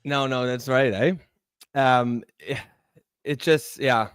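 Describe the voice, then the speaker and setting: A man's voice: medium pitch, steady tone, slow, fairly bright tone, clear, resonant tone, no room sound. Hesitant man, dry close sound. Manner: hesitant, agreeable, many restarts. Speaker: podcast co-host. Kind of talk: casual political chat show.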